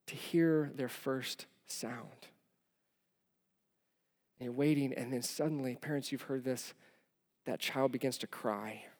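A man preaching a sermon as pastor, a father of four who tells stories animatedly, dropping to a hush and rising to loud. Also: medium pitch. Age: young adult to middle-aged, father of four. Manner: animated storytelling, swinging from loud to hushed. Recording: long reverb of a large hall.

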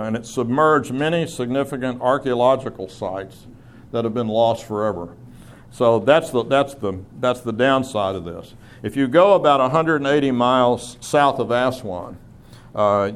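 A middle-aged man teaching a Bible class in a classroom, talking conversationally with fillers and restarts. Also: mid-range voice.

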